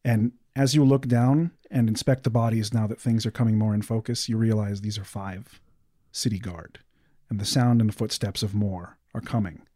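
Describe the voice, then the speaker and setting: A man running a tabletop game as game master, calmly narrating scenes and calling for dice rolls. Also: lowish voice, moderate pace, no room sound, clean studio sound. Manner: calm, descriptive narration.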